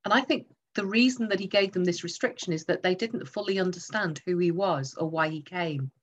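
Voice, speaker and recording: A woman's voice: fairly low pitch, fairly quick, muffled recording. A woman preaching a sermon, emphatic and teaching through rhetorical questions.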